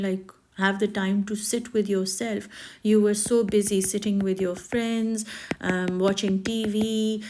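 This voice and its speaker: A woman talking reflectively and gently as she draws, sometimes dropping to a soft whisper. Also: medium pitch, slight background noise. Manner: gentle, reflective, slips into soft whispers and quoted nagging voices. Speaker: art healer and spiritual speaker. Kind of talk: reflective spoken monologue while drawing.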